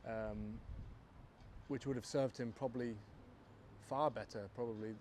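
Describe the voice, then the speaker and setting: A man's voice: medium pitch, fairly even intonation, measured pace, background noise. An English man with a posh accent, a filmmaker musing in a rambling, self-mocking vlog monologue recorded outdoors. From England. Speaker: filmmaker, vlogger.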